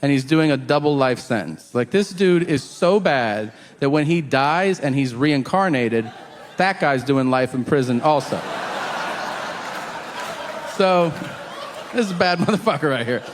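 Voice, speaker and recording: A man in his forties doing a stand-up routine, telling stories with shouted character voices. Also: on the high side, animated, a little slow, background noise. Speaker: stand-up comedian. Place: theater stage with audience laughter. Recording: live hall with long reverb.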